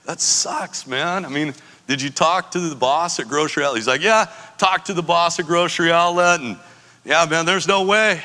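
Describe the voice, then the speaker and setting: A middle-aged man spins casual stories in a bright, forward voice, laughing often as he goes. He swears freely and slips into quick impressions of the people he talks about. His voice rings out with a long reverb trailing behind it. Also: fairly high pitch. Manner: laid-back, profane, laughs often, acts out others' lines. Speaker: coffee business founder telling stories. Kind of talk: casual storytelling.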